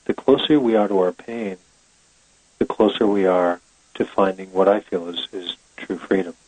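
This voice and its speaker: A man's voice: sits low, fairly even intonation, normal speed, darkish tone, no echo, low-quality recording. A middle-aged man, a guest author on a podcast, talking in a reflective, thoughtful way with plenty of fillers. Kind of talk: casual podcast interview.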